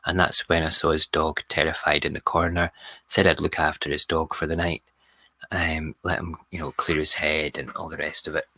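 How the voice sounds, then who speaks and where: A man with a low, husky voice spins a yarn as a radio host, lively and full of little asides. His tone is bright and forceful, recorded dry and close on the mic. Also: normal speed, no room sound. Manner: animated storyteller, mimics people. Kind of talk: casual storytelling. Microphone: close studio mic.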